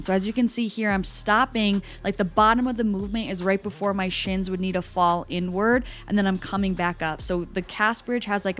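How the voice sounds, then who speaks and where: A young woman, a personal trainer talking viewers through workout form in a chatty, instructive voice-over. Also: mid-range voice.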